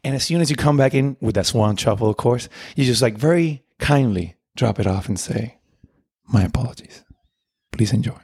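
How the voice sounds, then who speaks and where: A man's voice: medium pitch, a little fast, gravelly, hardly any pauses, a little mellow, husky, no room sound, studio quality. A man co-hosting a casual podcast chat, playfully acting out voices as he tells a story. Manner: playful, acts out quoted voices. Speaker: podcast co-host.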